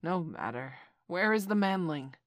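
A woman voicing a huge old male python, calm and menacing, who speaks in a slow, cool, commanding way. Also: fairly low pitch, no room sound, clean studio sound.

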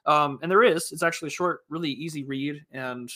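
A man's voice: fairly high pitch, a little fast, sharp tone. A man co-hosting a livestreamed podcast in easygoing, upbeat casual chat. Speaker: podcast co-host.

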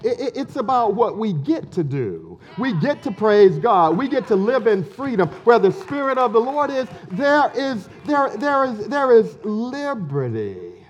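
A man's voice: high voice, big pitch swings, a little slow, hardly any pauses, dull audio. A man preaching a sermon as pastor, emphatic and colloquial, repeating key phrases.

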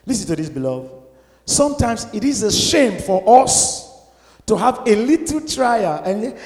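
High-voiced preaching pastor. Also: male voice, very animated, a little slow. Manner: emphatic preaching with sudden shouts and laughs. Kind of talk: sermon. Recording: echoey hall.

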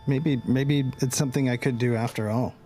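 A man's voice: mid-range voice, fairly even intonation, moderate pace, dark tone, soft background music, lightly acted. A man voicing an earnest rabbit-folk bard. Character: young male rabbit-folk hopeful bard.

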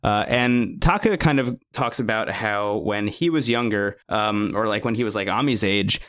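A man's voice: lowish voice, moderate pace, a bit bright. A man in his thirties chats through a show recap in a loose, joking way. He lifts his voice to act out quotes. The sound is dry and close, with no room echo. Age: 30s. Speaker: podcast co-host. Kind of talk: casual recap chat.

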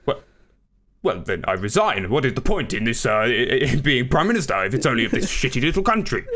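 A man's voice: medium pitch, big pitch swings, a little fast, pushed and bright. A man doing an impression of a bumbling, pompous British prime minister who stammers and blusters in a comedy sketch. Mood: baffled.

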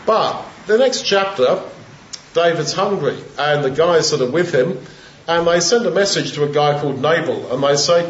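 A man delivers a sermon as relaxed storytelling, putting old scripture into plain everyday talk. His voice sits a little high for a man. The recording is roomy and muffled, with a faint hiss underneath. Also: normal speed. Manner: conversational storytelling, retelling scripture in plain modern speech. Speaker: preacher.

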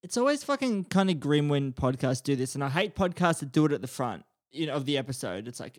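Relaxed podcast guy, higher voice, swears casually, dead dry sound. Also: fast, few pauses, dry recording. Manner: laid-back, sweary, self-mocking. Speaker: podcast host. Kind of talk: casual chat.

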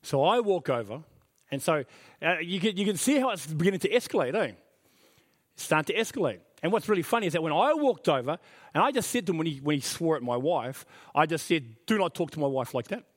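A man's voice: fairly high pitch, sing-song, brisk. A middle-aged man preaching a sermon as pastor, earnest and emphatic, repeating his key phrases. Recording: reverberant hall.

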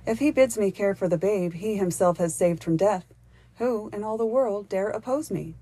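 A woman's voice: mid-range voice, moderate pace, mellow, breathy edge, voice pushed up, lightly acted. A woman voicing a tender, defiant young female wood nymph in a storybook reading, earnest and pleading.

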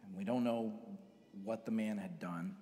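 A man with a lowish voice delivers a sermon in an easy, conversational way, sinking into soft whispers to drive a point home. His voice rings out with a long reverb, as in a big church hall. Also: normal speed, slight background noise. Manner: conversational preaching, dropping to hushed whispers for emphasis. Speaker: pastor.

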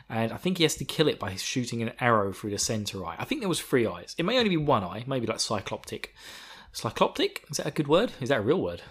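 A man's voice: mid-range voice, slightly rough. A man hosting a podcast, rambling through a casual book recap with swearing and self-mockery. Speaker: podcast host.

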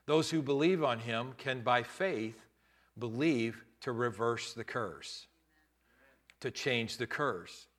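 A man preaching a sermon as pastor, switching between loud, rising preaching and quieter teaching, and laughing often. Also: mid-range voice, slow pace.

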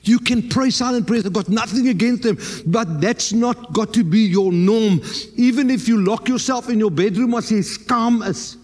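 A man's voice: sits high, normal speed, darkish tone, in a large hall. A South African man preaching a sermon as pastor, emphatic and dropping in Afrikaans words.

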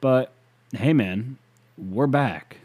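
Man, mid pitch, solo podcast rant, swears constantly, rambling and mocking. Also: extremely slow, a little mellow, husky. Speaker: podcast host.

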